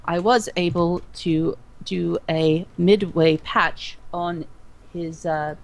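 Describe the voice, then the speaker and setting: A woman co-hosting a livestream in casual chat, talking haltingly with many fillers and restarts. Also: lowish voice, fairly even intonation, low-quality recording. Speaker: stream co-host.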